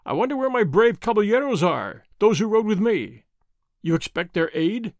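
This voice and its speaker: A man's voice: high voice, very animated, moderate pace, no echo, studio quality, pitched above the performer's own voice. A man voicing a dashing masked outlaw hero who talks defiantly and taunts his foes. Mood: earnest.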